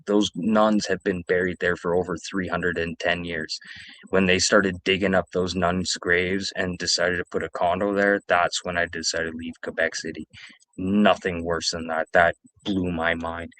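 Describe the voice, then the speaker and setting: A man's voice: deep voice, flat delivery, moderate pace, fairly bright tone, dry recording. A man in his forties telling rambling, profane stories alone on a stream, repeating himself. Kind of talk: casual storytelling.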